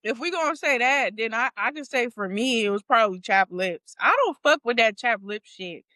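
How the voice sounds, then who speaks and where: A woman's voice: on the high side, expressive, moderate pace, bright, forceful tone, dry recording. A woman co-hosting a podcast, ranting bluntly and with plenty of swearing in casual chat. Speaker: podcast co-host.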